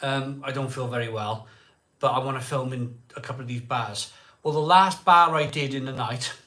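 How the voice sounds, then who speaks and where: Bright-voiced chatty man, live stream. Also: medium pitch, moderate pace. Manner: rambling, chatty, repeats himself and acts out quotes. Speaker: host of a live beer-drinking stream. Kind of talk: casual storytelling on a live stream.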